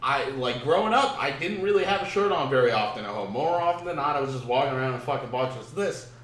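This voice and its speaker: A man's voice: medium pitch, expressive, quick pace. A young man chatting casually as a podcast co-host, rambling through stories with lots of swearing and laughter. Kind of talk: casual chat. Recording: echoey room, far from mic, faint noise.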